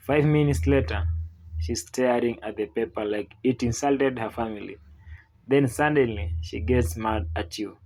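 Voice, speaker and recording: A man narrates a comic script about strict Caribbean parents. His voice sits at a mid pitch. His tone stays steady and storytelling, and he drops into a mother's voice for her lines. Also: moderate pace, vocal fry, poor audio.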